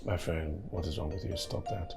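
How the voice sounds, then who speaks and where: Kind young Nigerian man, very deep voice, calm and earnest, faint film music. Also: normal speed. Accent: Nigerian English. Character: kind young man helping a stranded woman.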